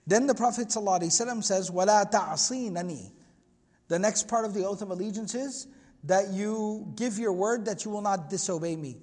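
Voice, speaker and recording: A man's voice: high-pitched, fast talker, a little mellow, big-room sound. A man giving an earnest religious history lecture, explaining at length and quoting Arabic passages. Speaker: Islamic lecturer.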